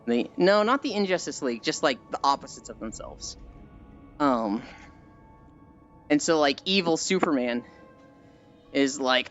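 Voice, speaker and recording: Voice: mid-range voice, lively intonation, a little slow, long pauses. A livestreamer chatting casually while walking, rambling through stories with many fillers and sighs. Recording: muffled stream audio with faint music. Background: faint music.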